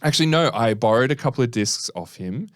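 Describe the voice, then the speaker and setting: A man's voice: mid-range voice, animated, fast talker, no room sound, clean studio sound. An Australian man co-hosting a podcast, chatty and joking as he tells stories and answers listener questions. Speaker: podcast co-host. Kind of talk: casual podcast chat.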